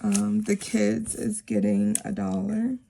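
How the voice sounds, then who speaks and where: A woman's voice: medium pitch, flat delivery, takes it slowly, creaky, warm tone, a little hiss or hum. A woman in her thirties, casually chatting and telling stories while budgeting cash, with lots of filler words. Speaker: budgeting vlogger.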